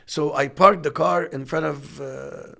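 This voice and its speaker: Gravelly animated male storyteller. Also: fairly high pitch, measured pace. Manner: animated storyteller acting out quotes. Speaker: podcast co-host. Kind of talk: casual storytelling.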